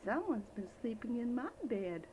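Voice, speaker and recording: Woman reading as a gentle Mama Bear. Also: a little high, sing-song, normal speed, a little hiss or hum, poor audio. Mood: mild. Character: mild mother bear. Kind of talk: bedtime story reading.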